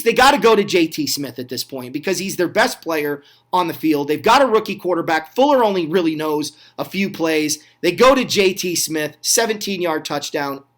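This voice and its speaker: High-voiced man narrating football clips. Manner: excited, chatty, asks the viewer questions, with small slips and self-corrections. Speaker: host of a retro football review channel. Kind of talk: casual play-by-play voice-over on game clips.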